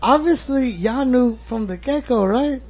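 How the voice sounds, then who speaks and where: A man's voice: very high voice, lively intonation, unhurried, a little mellow, slightly rough. A man co-hosting a podcast, talking in casual, indignant banter and swearing a lot. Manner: indignant, defensive, swears often. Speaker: podcast co-host.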